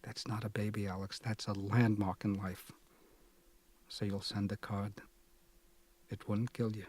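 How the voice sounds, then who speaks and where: A man voicing an anxious, nagging middle-aged mother in an audiobook, speaking in a hushed, wheedling whisper. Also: on the low side, little pitch movement, unhurried, husky. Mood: guilt-tripping whisper. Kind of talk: audiobook narration.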